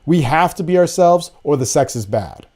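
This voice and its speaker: A man's voice: fairly high pitch, expressive, normal speed, a little mellow. A young man hosting a podcast, talking in a blunt, profane, rambling casual monologue. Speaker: podcast host.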